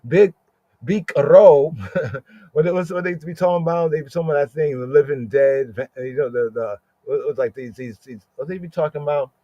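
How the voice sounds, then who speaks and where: A man teaching a scripture lesson for a podcast. He sounds out Hebrew words slowly and keeps checking in with "right?". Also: on the high side, mellow, dry recording, muffled recording.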